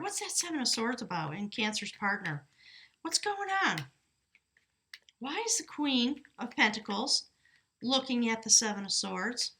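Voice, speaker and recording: A woman with a high-side, pushed and bright voice does a casual tarot reading at her desk in a small house near an open door. She chats and laughs often, stopping to question her spirit guides and correcting herself mid-sentence.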